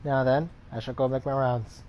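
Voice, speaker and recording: A man's voice: mid-range voice, fairly even intonation, normal speed, a little mellow, a little hiss or hum, close to an everyday voice. A man reading as a stern, imposing woman.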